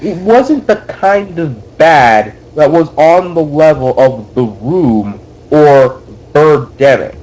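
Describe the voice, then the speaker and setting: Young male co-host, high animated voice, exasperated profane ranting, dull lo-fi recording. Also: slow, hardly any pauses. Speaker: podcast co-host. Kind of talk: casual ranting movie review.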